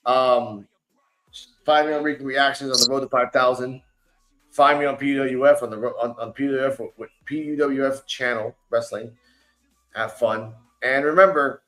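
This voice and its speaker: A man's voice: mid-range voice, bright, forceful tone, low-quality recording. A man co-hosting a wrestling talk show, brash and taunting with lots of swearing. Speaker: podcast co-host. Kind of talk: casual wrestling chat sign-off.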